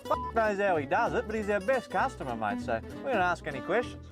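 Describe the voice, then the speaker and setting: An actor playing a crude, sweary bottle shop owner with an Australian accent and a deadpan manner. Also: male voice, sits high, brisk, music in the background. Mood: brash.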